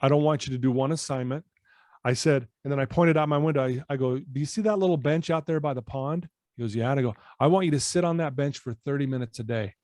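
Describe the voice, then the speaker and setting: A man's voice: mid-range voice, fast, no echo. A man coaching in personal development, telling a story as a podcast guest and acting out the dialogue with energy. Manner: animated storyteller who acts out quoted dialogue. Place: his office at home.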